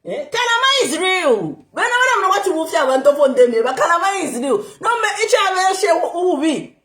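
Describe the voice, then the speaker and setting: A young woman giving casual political commentary, animated, laughing often and switching between languages. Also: very high-pitched, fairly quick, echoey room. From Zambia.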